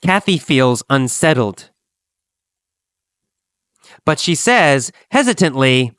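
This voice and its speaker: Deliberate English teacher, clear voice. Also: male voice, medium pitch, lively intonation, fairly bright tone, no echo. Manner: slow, deliberate, repetitive drilling. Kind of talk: English listening lesson.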